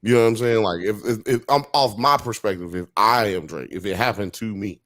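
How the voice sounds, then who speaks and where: A man co-hosting a casual live podcast, talking in animated, slangy style and firing off rhetorical questions. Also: on the low side, brisk, dry recording, studio quality. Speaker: podcast co-host. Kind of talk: casual chat on a live stream.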